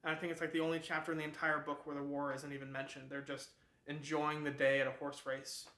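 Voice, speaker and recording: A man hosting a book club gives a loose, rambling summary. His voice is bright and a little high. The room has a lot of echo. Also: completely flat delivery, fast. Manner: rambling, lots of fillers and restarts.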